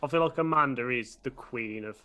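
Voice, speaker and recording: A man, a guest on a video call, chatting in a relaxed, giggly way. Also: mid-range voice, brisk. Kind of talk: casual chat.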